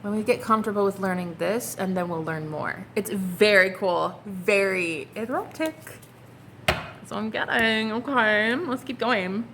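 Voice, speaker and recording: A young woman doing a casual tarot reading, excitable and flustered, swearing casually and calling her viewers honey and girl. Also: mid-range voice, measured pace, a little hiss or hum. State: flustered and hot. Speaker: tarot reader.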